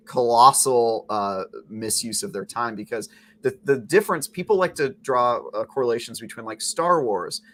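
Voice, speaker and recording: A man's voice: medium pitch, moderate pace, sharp tone, a little hiss or hum. A man giving strong, emphatic opinions in a casual gaming podcast discussion.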